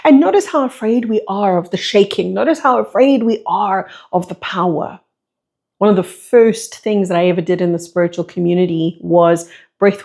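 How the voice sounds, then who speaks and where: In a low, creaky, dark voice, a woman who works as a spiritual teacher and breathwork facilitator delivers a flowing monologue packed with repeated rhetorical questions.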